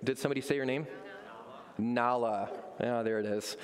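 A man's voice: mid-range voice, moderate pace, in a large hall. A man preaching a sermon as a pastor, telling stories with energy and acting out voices. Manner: animated storytelling, acts out voices.

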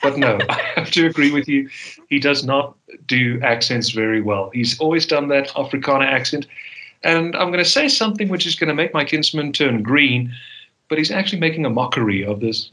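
A man's voice: mid-range voice, a little fast, bright, forceful tone, low-quality recording. A man from South Africa hosting a podcast, chatting casually in formal, elaborate wording. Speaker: podcast host. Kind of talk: casual chat.

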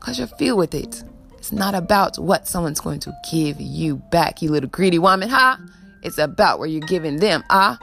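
A woman's voice: sits low, expressive, moderate pace, vocal fry, fairly bright tone, faint music behind. A woman giving a preachy spiritual pep talk, ending most sentences with a questioning "ah?" and sighing now and then. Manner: sighs before blowing love. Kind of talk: motivational spiritual talk to camera.

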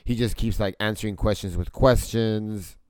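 Low, smooth-voiced man in casual chat. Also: fairly even intonation, normal speed, darkish tone, no room sound, clean studio sound. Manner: hesitant, repeating words as he talks.

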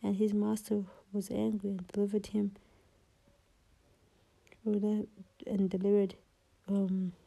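A woman in a whispered Bible reading and teaching, halting and often losing her place and rereading verses. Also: medium pitch, gravelly, dark tone, poor audio.

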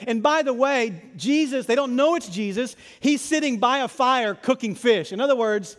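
A man with a high, light voice delivers a sermon, retelling a story with lively acted-out lines and playful repetition. His voice rings with a long reverb, as if heard in a large hall. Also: normal speed, hardly any pauses. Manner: animated storytelling, acts out biblical dialogue with repeated phrases. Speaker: pastor.

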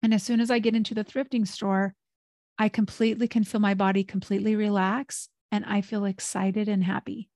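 A woman co-hosting a casual podcast, openly sharing her own habits in a relaxed, conversational way. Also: mid-range voice, fairly quick, no echo, studio quality. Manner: open, shares personal habits, relaxed filler-laden speech. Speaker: podcast co-host.

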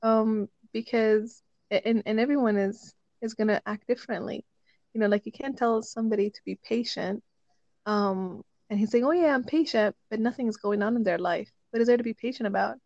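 Animated, higher-voiced woman chatting. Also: fairly quick, no echo, highs cut off. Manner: animated storyteller who acts out quotes. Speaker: parent. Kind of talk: casual chat.

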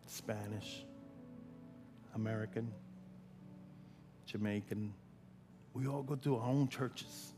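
A man preaching a sermon, building from quiet talk to loud, shouted repetitions with drawn-out phrasing. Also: lowish voice, steady tone, soft background music. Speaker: pastor.

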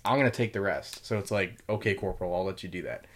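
A young man telling war stories in a casual chat, loose and full of fillers and swearing. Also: low voice. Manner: swears a lot, quick and loose with many fillers. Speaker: podcast host telling military stories.

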